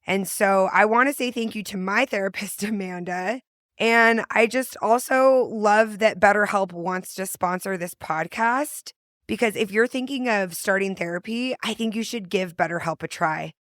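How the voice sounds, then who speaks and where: A woman's voice: medium pitch, moderate pace, fairly bright tone. A woman hosting a podcast in casual, effusive chat, laughing often as she talks. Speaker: podcast host.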